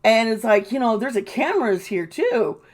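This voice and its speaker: A woman's voice: a little high, very animated, moderate pace, a little mellow. A woman giving casual, indignant commentary, swearing and mocking the people she quotes. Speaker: tarot reader and commentator.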